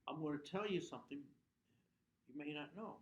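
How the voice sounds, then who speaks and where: A man's voice: on the high side, moderate pace. A man giving a motivational talk as a guest speaker at a club, earnest and prone to sudden emphatic bursts. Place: meeting room at a club. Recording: echoey room.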